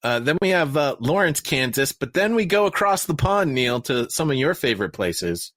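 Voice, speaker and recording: A man's voice: very animated, normal speed, a bit bright, no room sound. An American man hosting a casual sports podcast, joking around and reading stats off a sheet. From United States. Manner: jokey, reads stats off a sheet, often trails off lower. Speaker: podcast host.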